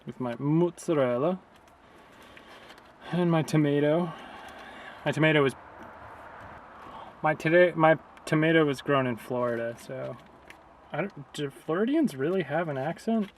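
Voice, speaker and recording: A man's voice: a little high, normal speed, pauses often, a little hiss or hum. A man vlogging outdoors beside a river, talking casually in a sarcastic, rambling way. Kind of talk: casual vlog rant.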